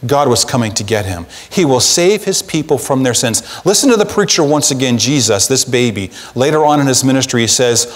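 A man preaching a sermon as pastor, in an animated, conversational way with acted asides, in a church sanctuary. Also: mid-range voice, fairly quick, few pauses. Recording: long church reverb.

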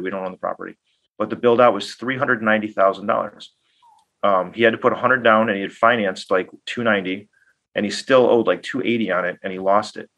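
A man, a guest investor in an interview, telling casual stories and acting out quoted dialogue. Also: fairly low pitch. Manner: animated anecdotes, acts out quoted dialogue. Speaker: guest business owner and investor.

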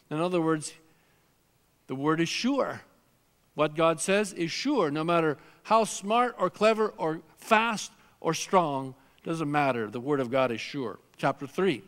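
Earnest high-voiced pastor in a reverberant church. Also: male voice, a little slow, a bit bright. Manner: earnest, emphatic, repeats phrases, acts out prayers and scripture quotes. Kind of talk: sermon. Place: large church sanctuary.

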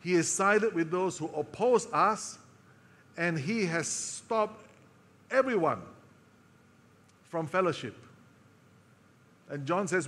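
A man preaching a sermon, telling a story with emotional pauses and dropping to a soft voice for quoted lines. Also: sits high, animated, in a large hall. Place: church hall.

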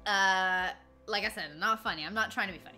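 A woman's voice: medium pitch, brisk, bright, forceful tone, soft background music. A woman in her twenties chatting casually with her stream viewers, rambling through stories, laughing often and greeting chat along the way. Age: 20s. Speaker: livestreamer.

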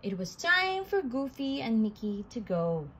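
Lady reading a kids story slow and sing-songy, kinda breathy. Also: on the high side, very animated, slight background noise, poor audio. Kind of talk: children's storybook read-aloud.

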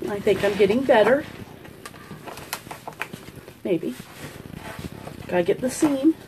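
A woman's voice: medium pitch, expressive, takes it slowly, background noise. A woman helping out on a live sales stream, chatting casually and joking about herself. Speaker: behind-the-scenes helper.

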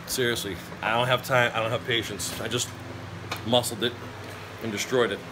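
A man hosting casual chat in a garage while working on a truck, animated and joking, laughing often. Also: mid-range voice, a little slow, background noise. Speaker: host. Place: home garage.

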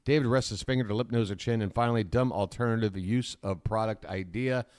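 A man hosting a live stream from home, talking straight to his chat in a rambling, hurried way. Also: fairly low pitch, darkish tone, dry recording, clean studio sound.

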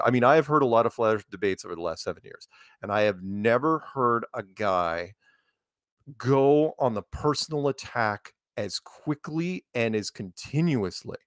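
A man's voice: lowish voice, no echo, studio quality. A man chatting casually as an interview guest, rambling and laughing often. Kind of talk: casual comedic interview chat.

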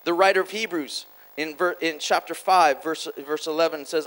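A man preaching a sermon at a church conference, animated, swinging between loud exclamations and quiet asides, quick and repeating himself. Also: fairly high pitch, rough recording. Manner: quick, with repeated words and restarts. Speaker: guest preacher.

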